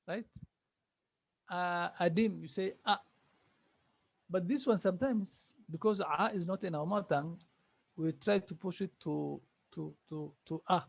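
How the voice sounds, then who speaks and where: A man leads an online class over a video call, patiently sounding out letters and names again and again. His voice sits a little high for a man. The sound is dry and close, with no room around it. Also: a little slow, creaky, long pauses, slightly rough, no echo. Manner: patient, repeats sounds for students. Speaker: Arabic teacher.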